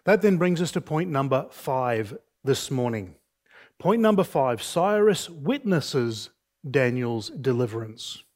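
Male preacher, somewhat high-pitched, unhurried, deliberate expository sermon. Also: a little mellow. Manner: deliberate, measured preaching with slow emphatic phrases; reads scripture aloud with raised pitch for quoted speech. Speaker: pastor.

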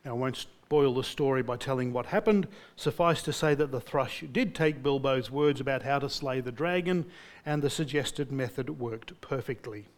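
A man's voice: mid-range voice, normal speed. A male pastor preaching a sermon, putting direct rhetorical questions to his listeners.

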